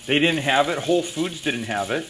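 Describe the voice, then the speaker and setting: A man's voice: fairly high pitch, normal speed, background noise. A man hosting a cooking show, chatting casually and telling joking stories as he cooks. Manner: joking, animated storytelling.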